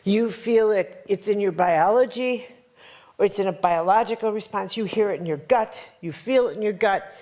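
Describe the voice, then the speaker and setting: A woman's voice: medium pitch, a little mellow. A middle-aged woman telling a dramatic story to a workshop audience, emphatic and full of repetitions. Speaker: workshop teacher.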